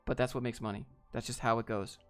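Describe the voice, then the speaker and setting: A man's voice: mid-range voice, fairly even intonation, fast, clean tone, soft background music. A young man on a livestream who reads viewer questions aloud and answers them bluntly in a laid-back, casual way. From Georgia, US. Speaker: streamer answering chat.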